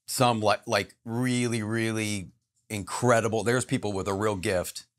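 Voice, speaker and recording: A man's voice: lowish voice, fairly even intonation, unhurried. A man, a guest actor, telling an earnest personal story in casual conversation, emphatic and acting out the voices in it. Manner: earnest, emphatic, acts out quotes in his story.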